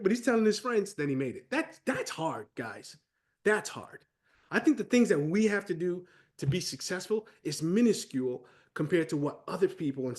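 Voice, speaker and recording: A man from Connecticut with a notably high-pitched speaking voice tells stories on a webinar. He sounds animated and emphatic, pushing his points home with feeling. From Connecticut, USA. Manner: animated storyteller, expressive and emphatic. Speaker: guest co-presenter. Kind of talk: webinar storytelling.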